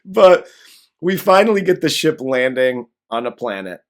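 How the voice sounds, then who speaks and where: A man's voice: mid-range voice, sing-song, moderate pace. A man co-hosting a casual movie review podcast, sarcastic and profane, acting out scenes with mocking voices. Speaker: podcast co-host.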